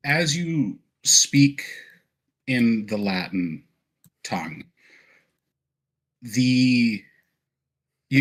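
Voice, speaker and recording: A man narrating a tabletop game as game master, relaxed and descriptive, with frequent fillers and laughs. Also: mid-range voice, husky.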